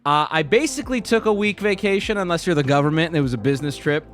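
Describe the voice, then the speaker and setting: A man's voice: fairly high pitch, fast talker, soft background music. A jet-lagged man hosting a casual livestream chat, rambling and swearing as he talks. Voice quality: animated, profane, rambling. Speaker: streamer host.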